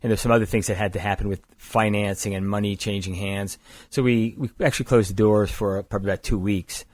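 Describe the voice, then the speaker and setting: An older man with a low voice tells his story in a relaxed, rambling way, backing up to correct himself as he goes. He sounds close to the mic in a dry, dead room. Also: quick pace, dry recording. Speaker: company founder and guest. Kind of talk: conversational storytelling interview.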